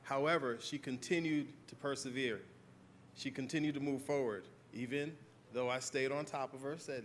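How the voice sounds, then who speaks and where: A man's voice: mid-range voice, steady tone, moderate pace, slight background noise. An older man on a school's staff presenting graduation awards, jovial and joking with the crowd.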